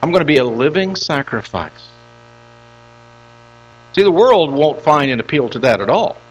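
Older man, pastor's sermon voice, animated pitch, repeats lines for emphasis. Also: normal speed, breathy edge, lo-fi sound. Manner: emphatic, repeats phrases for stress.

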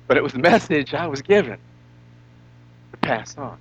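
High-voiced man preaching a sermon. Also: very animated, fairly bright tone, husky, dull audio. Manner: emphatic, with rhetorical questions and drawn-out repetition. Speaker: pastor.

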